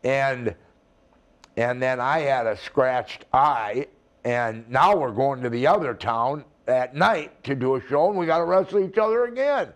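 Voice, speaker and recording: An older retired wrestler, appearing as a guest in a shoot interview, slowly recounts war stories in a mid-range voice. He rambles, swears, and acts out the lines of the people he quotes.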